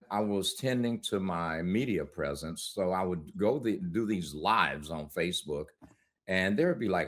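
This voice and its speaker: A middle-aged man with a low voice appears as a guest on an interview show. He shares a personal story candidly and conversationally, laughing often.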